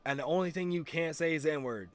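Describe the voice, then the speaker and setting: Dude putting on his pushy loud buddy, higher voice, keeps repeating stuff. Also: brisk, no echo, natural voice. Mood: insistent. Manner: insistent, repeating himself, slangy. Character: pushy loud young man friend.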